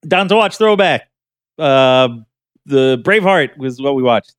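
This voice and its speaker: A man's voice: medium pitch, expressive, unhurried, clean tone, no room sound. Young male podcast co-host, blunt teasing banter, close dry recording. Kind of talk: casual movie chat.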